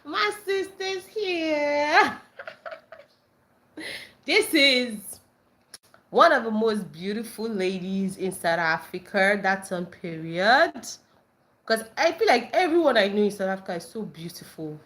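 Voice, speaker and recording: A woman's voice: mid-range voice, expressive, measured pace, a bit bright. A woman hosting a casual livestream, reading viewer comments aloud and reacting with frequent laughter and squealed greetings. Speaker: livestream host.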